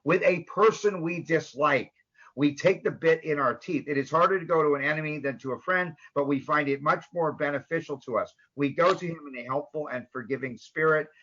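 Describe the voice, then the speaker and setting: A man with a bright, tense voice reads a passage aloud at an AA meeting. He stops to stress the key phrases. The recording is dull and muffled. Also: fairly high pitch, brisk. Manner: emphatic, pointing out key phrases. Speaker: AA speaker. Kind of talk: reading and commenting on a text.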